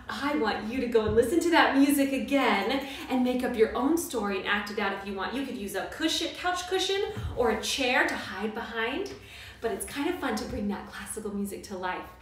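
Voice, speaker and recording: A cheerful woman leads a little ones' music class, her higher voice swooping up and down as she coaxes the children to answer. She sounds a step back from the mic, and a strong echo rings around the room. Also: expressive, a little fast, slight background noise. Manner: bright, sing-song, coaxing tone for small children. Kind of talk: live online kids' music class. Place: indoors at home during quarantine. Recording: very echoey room, mic at a distance.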